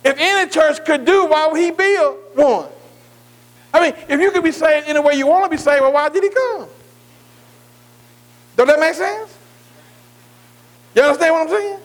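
A man preaching a sermon, who keeps asking his listeners "am I right?" and slowly spells out key words letter by letter. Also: very high-pitched, rough recording. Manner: asks the congregation "am I right?" again and again.

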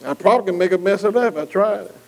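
A man's voice: high voice, rapid-fire, gravelly, low-quality recording. A man preaching a folksy sermon, calling out to the congregation. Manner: folksy, call-and-response preaching with dialect.

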